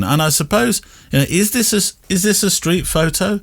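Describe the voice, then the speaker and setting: A man's voice: sits high, animated, moderate pace, hardly any pauses, no room sound, studio quality. A man hosting a photography podcast, chatting casually and playfully, often laughing. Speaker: podcast host.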